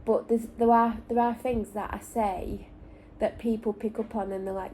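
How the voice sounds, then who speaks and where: A woman's voice: fairly high pitch, flat delivery, normal speed, warm tone, a little hiss or hum, low-quality recording. A woman from North West England with a Lancashire accent and traces of Manchester, chatting candidly and rambling in a casual vlog from a parked car. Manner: rambling, candid, self-correcting. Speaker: vlogger. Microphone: camera or phone in the car.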